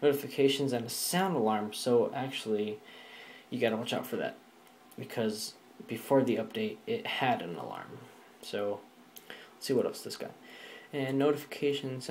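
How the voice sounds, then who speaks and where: A man's voice: mid-range voice, slight background noise. A man vlogging a casual walkthrough of a phone app, talking offhand and rambling, with fillers and the odd swear word. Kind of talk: casual screen-recording walkthrough.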